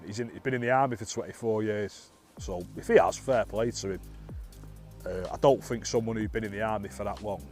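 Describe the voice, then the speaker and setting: A man's voice: fairly low pitch, darkish tone. A man, a bus driver, telling a story casually, laughing often and restarting his sentences in a self-deprecating way.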